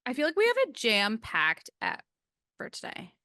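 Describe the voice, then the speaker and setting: A woman's voice: fairly high pitch, wildly swooping pitch, moderate pace, pushed and bright, no room sound, studio quality. A woman co-hosting a podcast in casual, playful chat who laughs often. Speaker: podcast co-host.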